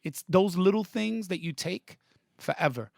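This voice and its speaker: A man's voice: high-pitched, moderate pace, gravelly, no echo, studio quality. A man, a comedian guest on a podcast, telling stories animatedly and with profanity, acting out the quotes. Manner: profane, excited, acts out quotes. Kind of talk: animated storytelling in a podcast interview.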